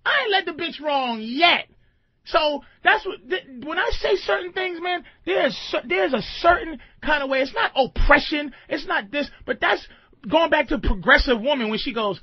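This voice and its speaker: A man's voice: very high-pitched, lively intonation, moderate pace, no echo. A man hosting a talk radio show, ranting emphatically with heavy profanity and acting out voices in quotes. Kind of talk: provocative talk radio rant. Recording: dull lo-fi radio broadcast.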